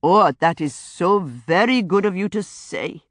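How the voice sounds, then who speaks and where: A woman's voice: lowish voice, expressive, moderate pace, no room sound, close to an everyday voice. A fussing, bowing railway agent, all formal courtesy and anxious apology, as a woman reader puts him on. His speech is effusive and overly polite in an audiobook reading. The sound is close and dry. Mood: whimpering. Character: fretful, obsequious male railway agent.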